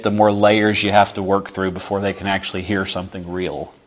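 A man's voice: lowish voice, fairly bright tone. A man preaching a sermon in an earnest, conversational way, sometimes acting out short exchanges.

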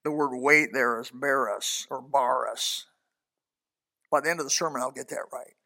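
A man preaching a sermon as pastor, animated and folksy, swinging from loud emphasis to quiet asides. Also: medium pitch, moderate pace, creaky.

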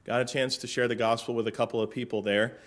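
A middle-aged man from Florida, a pastor telling a relaxed story from the pulpit with dry humor and lots of fillers. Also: mid-range voice, fast. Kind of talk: casual sermon-opening story.

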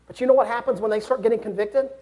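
A man's voice: very high-pitched, fairly even intonation, very fast, mellow. A young man preaching a sermon, earnest and building to fervent exhortation.

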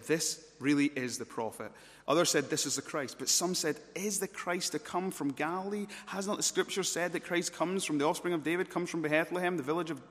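A man preaching an expository sermon, working through a passage and getting louder and higher when he presses a point. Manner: rises to loud, high-pitched emphasis when stressing points. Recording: long hall reverb.

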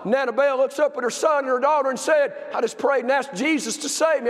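A man preaching a sermon, telling stories with passion and swinging from shouts to hushed tones. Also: extremely high pitch, lively intonation, fairly quick, few pauses, a loud crowd. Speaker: pastor. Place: church sanctuary. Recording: long hall reverb.

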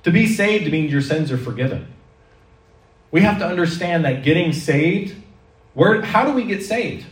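A man preaching a sermon, telling stories in a lively way and acting out the voices he quotes. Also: on the high side, normal speed. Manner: animated storytelling preacher, acts out quoted voices. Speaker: pastor. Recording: echoey hall, mic at a distance.

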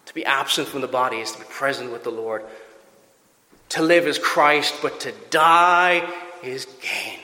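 A man's voice: medium pitch, unhurried, sharp tone. A man preaching a sermon, emphatic and asking the congregation rhetorical questions. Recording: echoey church hall with long reverb.

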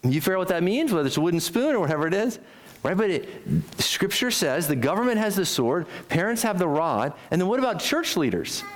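A man preaching a sermon with a lively delivery. His pitch sits a little high and swings widely as he acts out quoted lines. He talks to the congregation directly and checks in with quick questions. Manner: acts out quoted speech with sharp jumps in pitch. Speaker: pastor.

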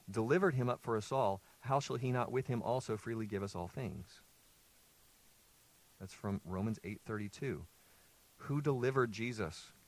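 A male pastor preaching a sermon. He reads scripture aloud, explains it, and puts questions to the listeners before answering them himself. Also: lowish voice.

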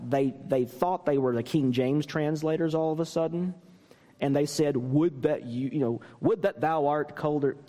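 Man, pastor, lively swooping pitch, slightly high voice, sermon with funny stories, long hall reverb. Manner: animated storytelling with self-deprecating humor.

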